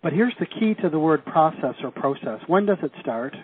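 Seminar teacher, man from Canada, middle-aged; lively and quizzing, husky tone, phone-thin sound. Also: fairly high pitch, fast. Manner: lively, asks the class questions, acts out quoted reactions. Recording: tinny phone-like audio.

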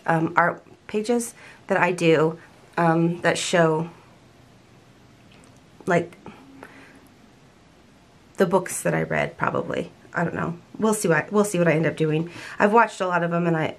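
A woman's voice: fairly low pitch, slight background noise. An older woman chatting casually at home about a planner haul, gushing and often restarting her sentences. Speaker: planner vlogger.

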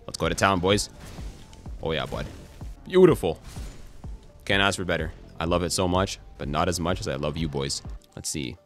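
A young man giving casual, excitable gameplay commentary, swearing and cracking jokes as he plays. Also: sits low, a little fast, soft background music. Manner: excitable, swearing, jokey, quotes song lines and memes. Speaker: gaming YouTuber.

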